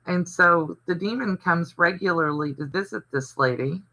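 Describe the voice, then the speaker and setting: On a livestream with poor audio, an older Southern man talks at a moderate pace, his fairly high voice pushed and bright. He rambles chattily through stories and responds to comments from viewers.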